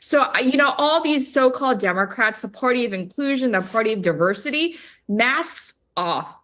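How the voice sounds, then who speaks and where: A woman's voice: a little high, expressive, moderate pace, fairly bright tone. A woman speaking as a political fundraiser guest on a TV interview, indignant and emphatic.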